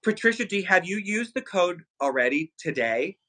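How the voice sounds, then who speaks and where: A man hosting a live shopping stream with a bright, forward voice pitched a little high. He talks fast and excitably, hyping each product and calling out to his viewers. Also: poor audio. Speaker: livestream shopping host. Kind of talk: live sales stream chat.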